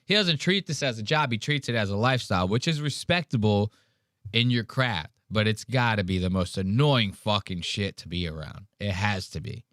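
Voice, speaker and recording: This podcast host has a voice on the low side and talks at normal speed, ranting and cursing freely in an animated, casual chat. The audio is clean studio sound with no room noise.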